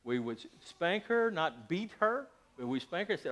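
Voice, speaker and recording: Middle-aged male pastor, high voice, lively sermon delivery with loud and quiet swings. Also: moderate pace. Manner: animated preaching, swings between loud and quiet.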